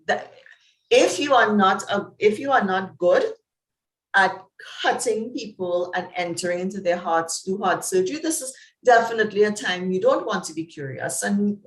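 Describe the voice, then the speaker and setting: A Trinidadian woman, a psychologist, talks in an interview as an animated storyteller, laughing and jumping up and down in pitch. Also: moderate pace, roomy sound, poor audio. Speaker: psychologist guest. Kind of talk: conversational interview.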